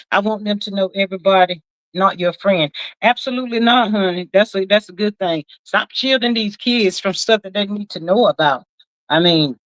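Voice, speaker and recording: A woman hosting a casual livestream, reading viewer comments aloud and answering them in a folksy, animated way. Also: mid-range voice, rough recording. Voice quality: folksy and animated, talks straight to the chat. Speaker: livestream host reading chat. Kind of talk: casual live chat commentary.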